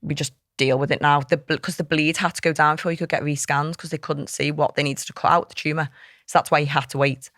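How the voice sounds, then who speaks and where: A woman's voice: low-pitched, level tone, fast talker, a bit bright, no room sound, clean studio sound. A woman, a podcast guest recounting a hard personal story in a heartfelt, tumbling way full of quoted dialogue. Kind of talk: candid personal storytelling in an interview.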